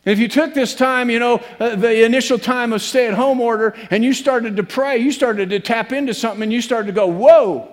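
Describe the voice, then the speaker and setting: A man's voice: very high voice, fairly even intonation, a little fast, hardly any pauses. A man preaching a sermon as pastor, earnest and repetitive, building to emphatic peaks. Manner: earnest, repeats phrases, rises to emphatic peaks. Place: church sanctuary. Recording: long reverb of a church hall.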